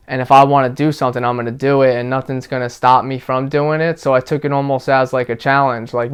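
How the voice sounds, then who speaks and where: A young man being interviewed, recounting his experiences in a relaxed, casual way, with lots of fillers like "like". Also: mid-range voice, smooth. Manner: relaxed, filler-heavy storytelling with frequent "like". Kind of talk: casual personal account.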